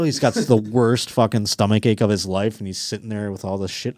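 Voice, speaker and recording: A man hosting a podcast in casual comedic chat, crude and animated, swearing constantly and mocking the stories he reads. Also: lowish voice, brisk, hardly any pauses, no room sound, clean studio sound. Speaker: podcast host.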